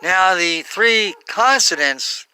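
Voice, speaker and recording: Halting, slow man with a bright voice. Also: high-pitched, expressive, clean tone. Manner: halting, many fillers and self-corrections. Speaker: Bible teacher. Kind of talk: unscripted Bible talk.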